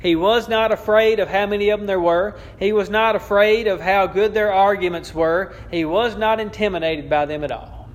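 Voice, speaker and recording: A man's voice: high voice, steady tone, normal speed, hardly any pauses. A man preaching a sermon, with an emphatic, repetitive cadence and a touch of wry amusement. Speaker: pastor.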